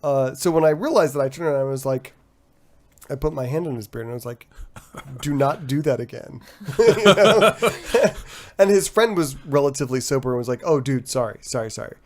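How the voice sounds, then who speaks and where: A man's voice: mid-range voice, animated, fairly quick. Laughing, storytelling middle-aged man. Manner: laughs often while telling stories, swears freely. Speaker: podcast co-host. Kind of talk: casual post-show chat.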